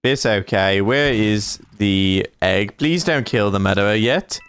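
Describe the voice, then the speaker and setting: A man's voice: lowish voice, measured pace, a bit bright, smooth, no echo. A man hosting a casual gaming livestream, chatting playfully and reading out donations. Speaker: livestream host.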